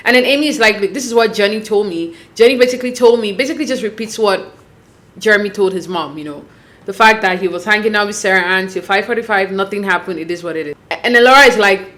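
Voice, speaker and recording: A woman casually recapping a reality show episode, chatty and animated, acting out what the cast members said. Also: mid-range voice, quick pace. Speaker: recap vlogger.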